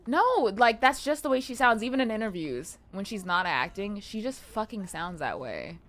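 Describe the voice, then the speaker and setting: A young woman streaming a game, chatting casually and excitably with her chat and swearing freely. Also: medium pitch, moderate pace. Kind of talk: casual live-stream chat while gaming.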